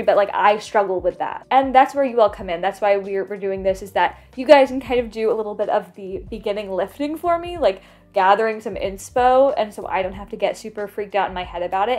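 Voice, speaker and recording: A woman's voice: medium pitch, a little mellow. A young woman with a slight lisp from dental aligners, hosting her art channel and chatting to the camera in a casual, self-deprecating way.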